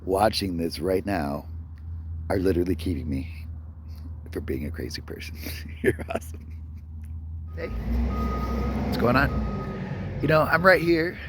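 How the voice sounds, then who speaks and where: Male vlogger, very low voice, casual and reflective, soft at times, outdoor phone recording with light hiss. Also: very animated, slow, pauses often. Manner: rambling, reflective, drops to a near whisper at times. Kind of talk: casual talking to camera. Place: outdoors behind a store at dawn. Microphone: phone held to self.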